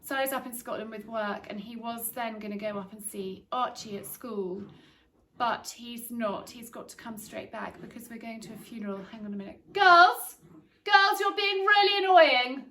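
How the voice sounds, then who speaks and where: A woman's voice: fairly high pitch, fairly even intonation, normal speed, far from the mic, a little hiss or hum. A middle-aged woman chatting casually to camera at home, rambling a little with frequent restarts. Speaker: vlogger. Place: home indoors.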